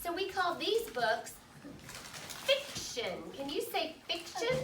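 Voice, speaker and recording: High, lively teacher reading to a class. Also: female voice, normal speed. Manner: patient, questioning, explains words simply. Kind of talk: read-aloud to a class. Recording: echoey classroom from far off.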